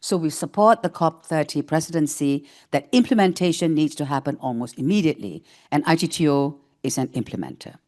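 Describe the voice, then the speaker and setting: Low-voiced formal woman panelist. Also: expressive, a little fast, few pauses, darkish tone. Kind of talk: panel discussion remarks.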